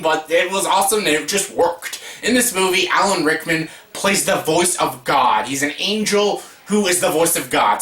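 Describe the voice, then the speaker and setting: A man's voice: a little high, bright, forceful tone, echoey room, distant mic. A man giving a casual countdown of favorite movie performances, gushing and repeating his praise with lots of "just" and "like". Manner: enthusiastic, repeats praise words, many fillers like "just" and "like". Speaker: movie reviewer.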